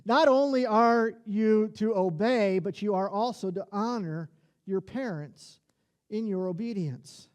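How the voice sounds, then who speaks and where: A man's voice: high-pitched, measured pace, clean tone. A male lead pastor with an Upper Midwest American accent, preaching a conversational sermon, chuckling at his own jokes and repeating key lines.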